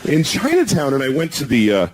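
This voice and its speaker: Man, comedian, self-deprecating and halting, animated, noisy recording. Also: fairly high pitch. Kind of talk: stand-up bit, then interview.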